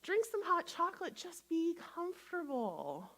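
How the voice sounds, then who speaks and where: A woman minister giving a gentle, conversational sermon to a congregation, acting out inner voices as she talks. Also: on the high side, expressive, a little slow. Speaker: guest minister.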